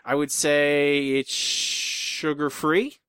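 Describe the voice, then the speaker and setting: A man's voice: on the high side, steady tone, very slow, a bit bright, clear, resonant tone, no echo, studio quality. A man co-hosting a podcast in casual chat, teasing and self-deprecating as he runs a trivia game. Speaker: podcast co-host.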